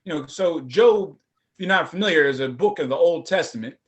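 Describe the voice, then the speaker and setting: Middle aged guy telling his story at a forum, high voice, chatty and animated. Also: a little fast. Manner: animated, conversational, acts out voices. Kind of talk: personal testimony storytelling.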